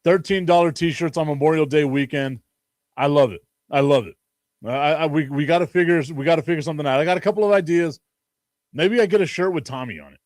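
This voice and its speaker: A man hosts a casual sports talk stream, joking and rambling with lots of laughter. His voice sits a bit high for a man. The sound is dry and close, with no room echo. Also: fast, a little mellow. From Chicago. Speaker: sports talk show host.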